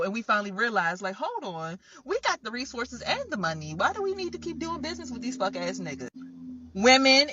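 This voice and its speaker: A young woman delivers a raw, profane, preachy rant straight to camera. Her voice is bright and forceful and sits a little high. The sound is close and dry, with a dull, lo-fi edge. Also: dry recording. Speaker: content creator. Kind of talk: emotional direct-to-camera rant.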